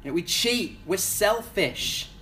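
A preacher talks through a sermon in an easygoing, conversational way, often restarting words and asking the congregation questions. The voice sits at a middle pitch. A faint hiss of noise runs under the recording. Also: lively intonation, slow, pushed and bright.

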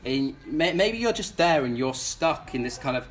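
A young man preaching a sermon at a church gathering. He speaks earnestly and pleadingly, often restarting his words, and his voice swings between bursts of intensity and softer, slower moments. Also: fairly high pitch, animated, a little hiss or hum.

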